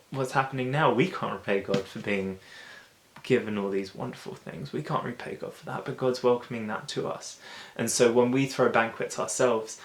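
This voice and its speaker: A man giving an informal, chatty Bible talk as host of a daily video show, slipping into quick acted-out asides. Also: medium pitch, roomy sound. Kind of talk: casual Bible teaching.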